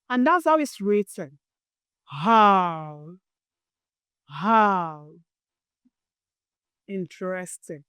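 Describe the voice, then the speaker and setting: Woman, children's alphabet teacher, very slow, smooth clear voice, dry close sound, encouraging. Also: medium pitch, a bit bright, dry recording. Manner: encouraging, drawn-out letter sounds with frequent praise. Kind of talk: slow, gentle lesson for young children.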